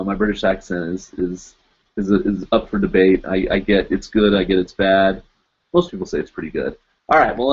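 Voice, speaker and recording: An adult man who teaches in Japan hosts a live web show, chatting casually with viewers and reading their comments. He rambles with many fillers and laughs frequently. His voice is fairly low and slightly rough, and the recording sounds muffled.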